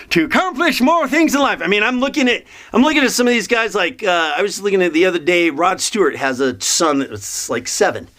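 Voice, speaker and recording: A man's voice: on the high side, fairly bright tone. A man in his fifties talking in a rambling monologue, meandering through thoughts with frequent restarts and fillers. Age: 50s. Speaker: motivational vlogger.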